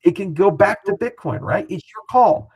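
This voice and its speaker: A man speaking as an interview guest, talking fast and animated in a casual, profane way. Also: high-pitched, husky, low-quality recording.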